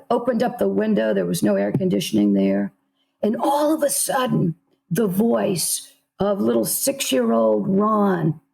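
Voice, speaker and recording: A woman's voice: medium pitch, creaky, dark tone, poor audio. A middle-aged woman with a Southern American accent, an author guest telling a story earnestly in an interview and voicing quotes of the people in it.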